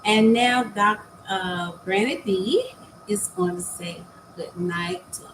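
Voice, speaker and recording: An older woman talking casually to her viewers as a new content creator, earnest and heartfelt, pausing often with many fillers and repeated words. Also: mid-range voice, steady tone, rough recording. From United States. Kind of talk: casual vlog talk to viewers. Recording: faint background noise.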